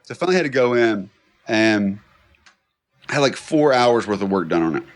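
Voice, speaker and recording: A man's voice: fairly low pitch, lively intonation, a little fast. A man, a comedian guest on a podcast, rambling through a story with lots of "like" in a studio. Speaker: guest comedian and history professor. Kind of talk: casual chat.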